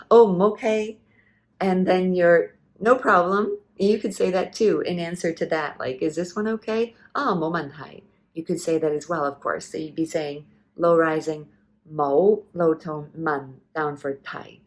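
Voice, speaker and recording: Woman, lower register, casual patient teacher who models phrases and says "uh" a lot. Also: unhurried, darkish tone. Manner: explains patiently, modelling phrases with many fillers. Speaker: language teacher. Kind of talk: casual language lesson.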